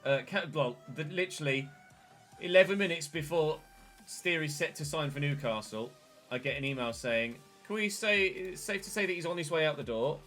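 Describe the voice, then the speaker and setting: A man, casually commentating his football management game and breaking into excited shouts at big moments. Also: fairly high pitch, normal speed, faint music behind. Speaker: gaming channel host.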